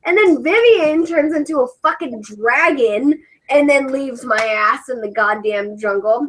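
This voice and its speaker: A woman's voice: high voice, expressive, measured pace, fairly bright tone, poor audio. A woman with an English accent, chatting casually on a livestream as a cosplayer host, ranting animatedly and swearing freely.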